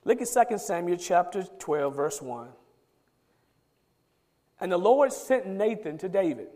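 A man's voice: high-pitched, big pitch swings, a little slow, darkish tone. A man preaching a sermon. He reads scripture aloud and rises into emphatic pleading. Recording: long hall reverb.

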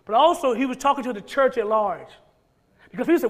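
A man's voice: very high-pitched, expressive, fast. A male pastor preaching a sermon, emphatic and repetitive, firing off rhetorical questions.

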